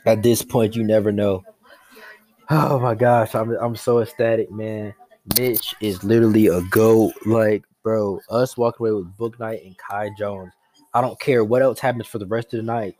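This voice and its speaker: A man's voice: fairly low pitch, moderate pace. Overjoyed young man gushing about his team. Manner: excitable, repetitive, breathless with joy. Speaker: sports fan reacting live. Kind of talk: excited live reaction vlog.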